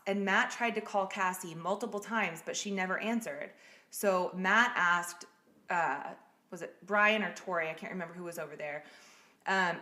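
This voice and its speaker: A woman's voice: mid-range voice, bright, forceful tone. A woman hosting a podcast, telling a true-crime case in a casual, blunt way and swearing freely. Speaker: podcast host. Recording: echoey room.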